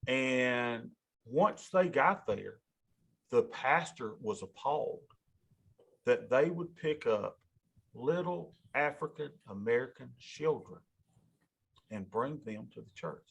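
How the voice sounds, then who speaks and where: Man, financial advisor, folksy rambling monologue, gravelly husky voice. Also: medium pitch, animated, takes it slowly, fairly bright tone. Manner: folksy, emotional, talks to listeners as y'all. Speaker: financial advisor giving a talk.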